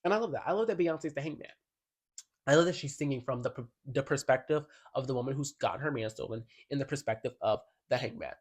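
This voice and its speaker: Talking quickly in a mid-range, slightly rough voice, this music commentator gives a casual album review vlog full of sass, slang, and emphasis, occasionally reciting lyrics.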